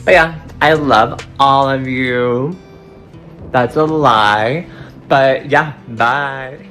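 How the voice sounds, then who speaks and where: A man's voice: medium pitch, extremely slow, fairly bright tone, soft background music. A young man recording a confessional video diary as a game contestant, swearing freely and sounding irritated and sarcastic.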